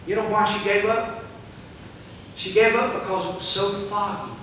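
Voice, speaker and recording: A man preaching a sermon as pastor, building to loud, fervent climaxes and dropping back to quiet asides. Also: high-pitched, level tone, normal speed, pauses often, noisy background. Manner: preaching with swelling, shouted climaxes. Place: church sanctuary. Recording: echoey church hall, mic far off.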